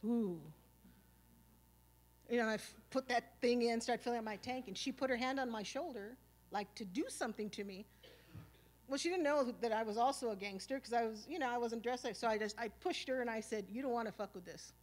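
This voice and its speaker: A woman's voice: on the high side, fast. Streetwise Los woman telling stories. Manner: casual, streetwise and profane, full of "you know" and "like"; animated, acting out past arguments. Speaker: speaker. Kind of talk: storytelling talk at a symposium. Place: stage at a live event.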